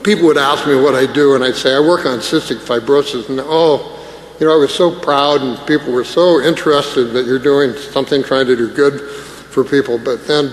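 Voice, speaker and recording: A man's voice: medium pitch, steady tone, moderate pace. Male scientist at a conference, emotional and joking, long hall reverb. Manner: emotional, self-deprecating, joking. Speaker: scientist speaker. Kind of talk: conference plenary talk. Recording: echoey hall with faint noise.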